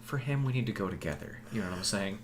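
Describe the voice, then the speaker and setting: A man talking casually as a player in a tabletop game, quick to react and animated. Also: low voice.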